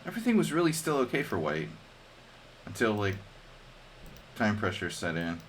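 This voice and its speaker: A man talks through his chess moves on a live stream in a relaxed, joking way, often thinking aloud. His voice sits a little low. He chats with his viewers between variations. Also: moderate pace, slight background noise. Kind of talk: casual live-stream commentary.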